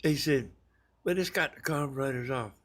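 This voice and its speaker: Southern man vlogger, mid-pitched, folksy rambling storyteller. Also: normal speed, a bit bright. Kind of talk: casual storytelling to viewers.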